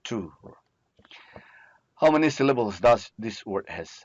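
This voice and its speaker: A man gives a recorded lecture, teaching slowly and patiently, asking questions and then answering them himself. His voice is on the low side with lively intonation. The recording is dry and echo-free, with a muffled, lo-fi sound.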